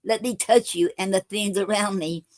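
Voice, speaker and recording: A woman hosting a poetry livestream, reading her own poems slowly with many fillers and restarts. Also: mid-range voice, steady tone, dry recording.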